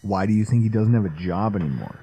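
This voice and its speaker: Animated, lively-voiced male podcast host. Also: lowish voice, fast talker, a little hiss or hum. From Buffalo area, New York. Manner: animated, swearing, philosophizing. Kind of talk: casual chat.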